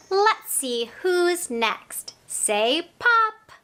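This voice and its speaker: A woman's voice: high voice, sing-song, extremely slow, a bit bright. A woman hosting a toddler learning show. She talks in a playful, exaggerated way, makes animal sounds, and speaks straight to the little viewer with lots of encouragement. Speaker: children's educator host. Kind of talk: slow sing-song toddler teaching.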